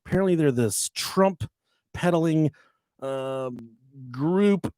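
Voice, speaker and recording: A man in his thirties hosting a podcast, telling a story in casual chat, swearing often and loudly acting out the lines he quotes. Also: on the high side, slow pace, smooth, no room sound, studio quality. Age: 30s. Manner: profane, animated, acts out quotes loudly. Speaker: podcast host.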